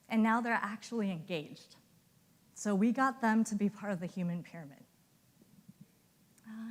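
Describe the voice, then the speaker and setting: A woman giving a conference talk as an animated storyteller who acts out the voices of colleagues she quotes. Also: mid-range voice, in a large hall. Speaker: conference speaker. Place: hotel conference ballroom.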